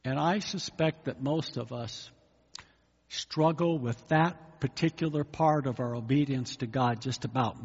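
A man's voice: medium pitch, husky. A pastor giving a sermon in a conversational way, asking his listeners rhetorical questions. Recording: echoey hall, dull lo-fi sound.

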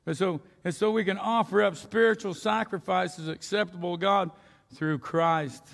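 A man's voice: sits high, steady tone, moderate pace, gravelly, a bit bright, big-room sound. A man preaching a sermon in a folksy storytelling way, asking his congregation questions, in a church sanctuary. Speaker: pastor.

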